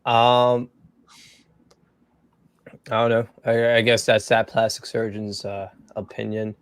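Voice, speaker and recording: A man's voice: fairly low pitch, level tone, slow pace, smooth, no room sound. A man co-hosting a casual podcast, hesitant and filler-heavy, saying "like" and "um" often. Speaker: podcast co-host. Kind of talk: casual chat.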